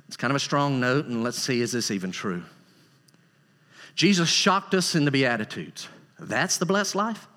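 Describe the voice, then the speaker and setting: A man preaching a sermon as a pastor, emphatic and rising into high, excited bursts. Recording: long reverb of a large hall.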